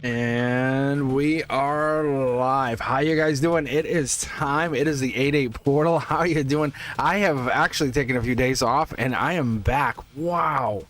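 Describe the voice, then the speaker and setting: A man's voice: medium pitch, normal speed, hardly any pauses, fairly bright tone. A middle-aged man reading tarot live, chatting casually, laughing often and repeating himself. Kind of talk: casual live-stream chat. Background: test music.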